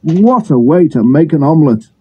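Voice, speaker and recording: A man's voice: a little high, expressive, moderate pace, slight background noise, pitched above the performer's own voice, close to an everyday voice. A man putting on a worried, muttering farmer in a storybook, fretting over his goods. The sound is muffled and lo-fi. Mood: fretful. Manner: muttering, fretful. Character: worried country farmer, middle-aged man. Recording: dull lo-fi phone recording.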